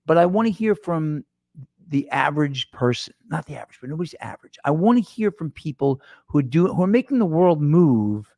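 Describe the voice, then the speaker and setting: A middle-aged man talks by himself on his own podcast, rambling, self-mocking and frequently restarting as he addresses listeners. His fairly high voice is very animated, slightly fast, creaky and mellow. Captured on a microphone in front of him, the sound is dry and studio-clean.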